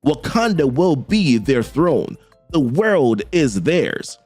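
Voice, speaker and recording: A man reading out the lines of a cold, menacing female sorceress priestess from a comic, slowly and solemnly. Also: fairly high pitch, sing-song, a little mellow, dry recording, faint music behind, heavily acted. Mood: ominous.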